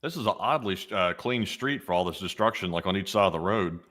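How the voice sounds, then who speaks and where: Low voiced dude riffing on war clips, talks fast, cracks jokes. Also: male voice, lively intonation, a bit bright. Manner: quick wisecracks, reacts to footage. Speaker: co-host. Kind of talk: casual war footage commentary.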